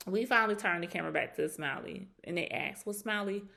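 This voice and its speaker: Animated woman recapping reality drama. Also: fairly quick, gravelly. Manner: animated, acts out quotes in higher voices. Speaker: reality show recap host. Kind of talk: casual recap commentary.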